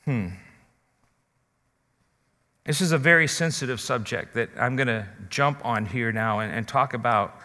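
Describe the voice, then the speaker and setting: A man's voice: mid-range voice, measured pace, long pauses, bright, forceful tone, long reverb tail. A man preaching a sermon as pastor, talking earnestly and straight to his listeners. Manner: earnest, direct address to listeners.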